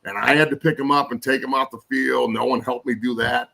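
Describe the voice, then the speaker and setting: Gravelly, cursing man in his forties. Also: mid-range voice, steady tone, a little fast, pushed and bright, low-quality recording. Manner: angry, profane ranting. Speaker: guest, former pro football player. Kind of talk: casual chat on a podcast.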